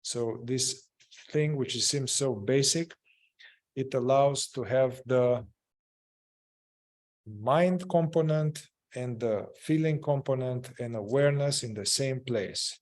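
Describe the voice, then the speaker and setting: A man speaks at a middling pitch, leading a group through a gentle inquiry practice. He talks in a halting way, pausing often with fillers and starting sentences over. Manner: hesitant, many fillers and restarts. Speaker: group facilitator. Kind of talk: guiding a group in therapeutic inquiry.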